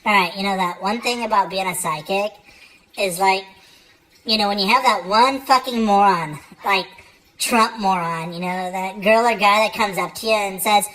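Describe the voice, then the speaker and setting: A woman's voice: medium pitch, moderate pace, fairly bright tone, low-quality recording. A woman doing a stand-up comedy routine, profane and rambling, full of fillers.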